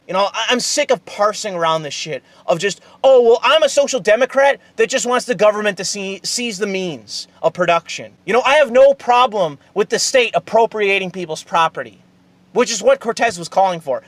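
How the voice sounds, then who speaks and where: High-voiced man ranting angrily. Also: a bit bright, no echo. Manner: angry, heavily profane, emphatic. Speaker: political commentary video host. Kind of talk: ranting monologue to camera.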